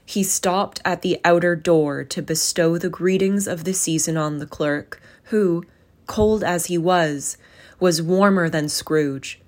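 Brief: woman narrator, slow, expressive storybook reading, slightly low. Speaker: audiobook narrator.

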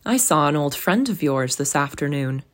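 A woman reading a gentle husband, soft, conversational, low voice, storybook. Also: expressive, moderate pace. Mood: fond, musing.

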